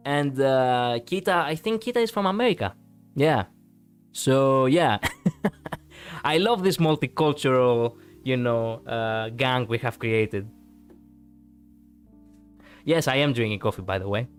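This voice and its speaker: A man's voice: medium pitch, takes it slowly, pauses often, soft background music. A man from Greece with a Greek accent, chatting casually with viewers on a live stream, rambling with many fillers and restarts and laughing easily.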